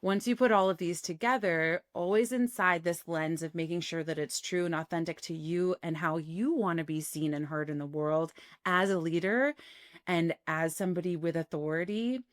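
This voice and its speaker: A woman working as a voice coach, giving an instructional talk and demonstrating techniques with a clean, clearly phonated voice while she varies her resonance and cadence. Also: lowish voice, normal speed, dry recording, studio quality.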